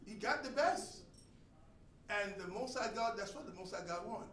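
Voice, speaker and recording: A man teaching a sermon to a congregation, emphatic and swinging between loud and soft delivery. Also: high voice, animated, normal speed. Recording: echoey room, distant mic, faint noise.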